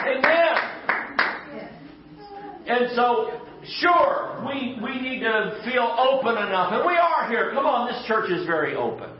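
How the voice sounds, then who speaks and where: A man preaching a conversational sermon in a church, folksy and emphatic, with quick asides. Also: extremely high pitch, big pitch swings, noisy background. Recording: echoey church room, dull lo-fi sound.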